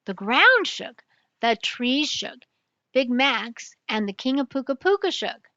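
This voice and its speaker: An older woman reading a picture book aloud in a slow, clear, even way. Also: high-pitched, no echo, muffled recording. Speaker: storyteller.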